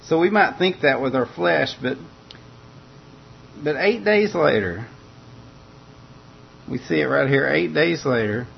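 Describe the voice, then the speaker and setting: A man with a gravelly, creaky voice preaches a sermon in an earnest way and often repeats his words for emphasis. He talks at an unhurried pace. The recording is muffled and lo-fi, with a faint rumble behind it. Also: lively intonation. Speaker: pastor.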